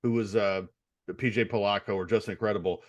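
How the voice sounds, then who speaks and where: A man's voice: on the low side, steady tone, brisk. A man interviewing a guest, asking detailed fan-level questions in a casual tone and chuckling now and then.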